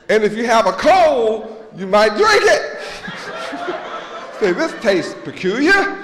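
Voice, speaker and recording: A man preaching a sermon, dramatic, shouting and acting out scenes to the congregation. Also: sits high, very animated, drawn-out words, pauses often. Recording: echoey hall with long reverb.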